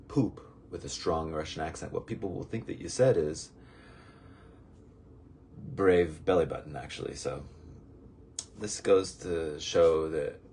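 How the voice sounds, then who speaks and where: A man's voice: low-pitched, a little mellow, a little hiss or hum. A man leading a daily spiritual lesson in a casual, rambling, reflective and good-humored way. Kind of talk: casual, meandering spiritual talk.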